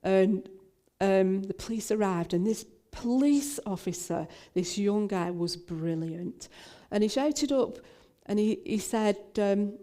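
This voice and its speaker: A woman's voice: medium pitch, unhurried, dark tone. An older woman minister, telling a personal story in a talk, with frequent fillers and restarts.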